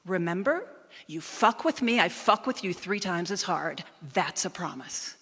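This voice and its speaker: A woman voicing her hostile young housemate, shouting and accusing. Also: on the low side, animated, unhurried, husky, exaggerated voice. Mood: threatening. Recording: reverberant live hall.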